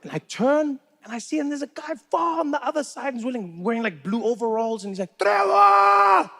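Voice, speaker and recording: High-voiced South African stand-up comedian. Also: male voice, fast. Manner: chatty, conversational, many asides. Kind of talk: stand-up storytelling. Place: comedy club stage.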